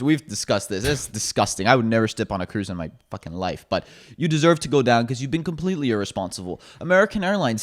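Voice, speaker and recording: Opinionated man ranting on a podcast. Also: medium pitch. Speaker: podcast co-host. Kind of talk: casual podcast discussion.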